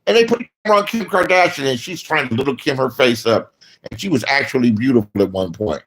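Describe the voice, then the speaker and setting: Brisk and animated, a male streamer delivers casual ranting commentary. He swears bluntly and veers between muttering under his breath and shouting.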